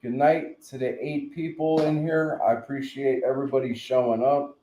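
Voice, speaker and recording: A New man chats on a late-night home live stream, drifting from story to story with a joking, rambling ease. His voice is warm and mellow, and his words ring a little in a roomy, echoey space. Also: mid-range voice, fairly even intonation, moderate pace. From New Jersey. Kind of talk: casual live stream chat. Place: home room, in bed. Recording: roomy echo.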